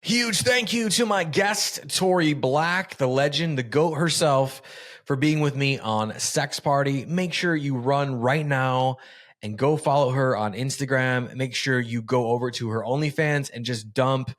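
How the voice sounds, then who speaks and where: A man's voice: mid-range voice, a bit bright. Hyped profane podcast host man. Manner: profane, hyped, rapid-fire questions. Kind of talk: casual podcast interview and outro.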